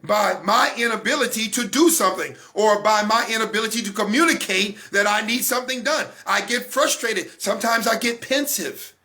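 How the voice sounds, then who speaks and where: A man in his forties hosting a weekly faith-based talk, speaking with fervor, repeating phrases for emphasis and rising to shouts. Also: sits high, moderate pace, few pauses. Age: 40s. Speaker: host of a weekly online talk broadcast.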